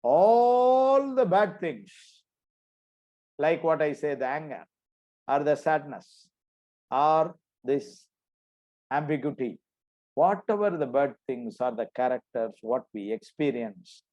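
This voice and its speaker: A man with a Tamil accent teaching a religious philosophy class. He speaks slowly and explains patiently, asking questions and then answering them himself. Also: mid-range voice, a little mellow, dull audio. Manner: slow, explaining, asks and answers his own questions.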